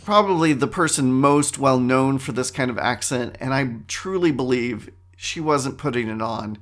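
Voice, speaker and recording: A middle-aged male host delivers a casual, rambling monologue, talking conversationally and frequently correcting himself. His mid-range voice is a bit bright and moves at a moderate pace.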